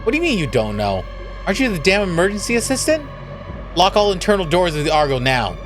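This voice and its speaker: A man's voice: sits high, sing-song, quick pace, fairly bright tone, faint music behind, voice pushed up. A man reading the lines of a frightened female spaceship captain in a story game, pleading and cursing. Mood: angry.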